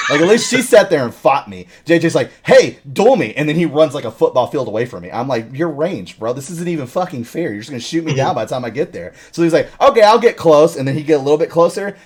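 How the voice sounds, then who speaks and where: A man hosting a podcast, telling long rambling gaming stories in casual chat and swearing constantly. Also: medium pitch. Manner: rambling storytelling with heavy swearing. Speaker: podcast host. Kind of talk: casual chat about a video game.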